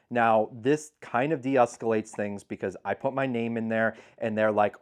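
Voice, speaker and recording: A man with a somewhat low voice talks casually to the camera about how he handles returns as a reseller. He is frank and matter-of-fact, laying out his rules plainly. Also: moderate pace, hardly any pauses, smooth. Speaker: eBay seller and channel host. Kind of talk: casual explainer talk to camera.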